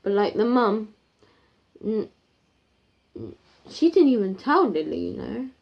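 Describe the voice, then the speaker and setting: A woman's voice: medium pitch, sing-song, takes it slowly, gravelly. A woman improvising a spooky story in a rambling, casual way, full of fillers and restarts, on a dull lo-fi home recording.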